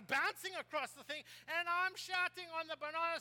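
A South African pastor giving an animated sermon, telling a story with lively energy. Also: male voice, very high-pitched, a little fast, hardly any pauses, long reverb tail, a little hiss or hum.

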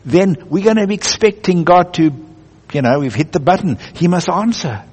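A man's voice: high voice, lively intonation, normal speed, a little mellow, breathy edge. A man preaching a sermon as a pastor, earnest and building emphasis through repetition. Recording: echoey hall.

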